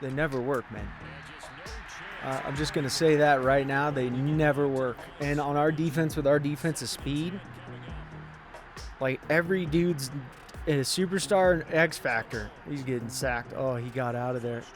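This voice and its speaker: A young man commentating a football video game in a hyped, rambling way, yelling at big plays. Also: a little high, fairly even intonation, normal speed, soft background music. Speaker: gaming channel host.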